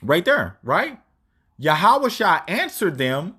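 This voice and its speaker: A man's voice: high voice, very animated, a little slow, pushed and bright. A man teaching scripture informally, reading verses aloud and then paraphrasing them in casual, slangy, emphatic speech. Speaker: religious teacher.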